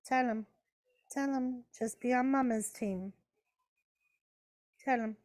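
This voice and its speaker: A woman leads a casual live watch party, chatting with viewers and her pets while calling the action and answering chat. Her voice is on the high side with a darkish tone, and she speaks at a slow pace.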